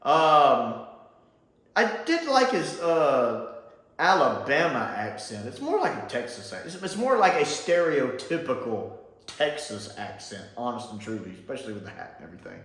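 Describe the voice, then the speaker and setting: A man from Mississippi chatting casually as he reviews a show, lively and laughing often. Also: medium pitch, normal speed. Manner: animated and chatty, laughs often, does mocking voices. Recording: echoey room.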